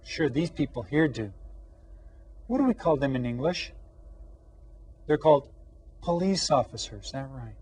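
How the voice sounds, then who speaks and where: A man teaching children an elementary Spanish lesson, patient and questioning, drawing out each new word slowly and asking the class to repeat. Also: mid-range voice, sing-song, a little mellow, slightly rough. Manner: asks questions and pauses for answers.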